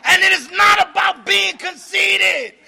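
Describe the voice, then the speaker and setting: Testifying before a recovery meeting, this man has a gravelly, high, piercingly bright voice and a preachy manner rather than a conversational one. He frequently shouts to stress a point, laughs in between, and takes his time, with a faint crowd audible.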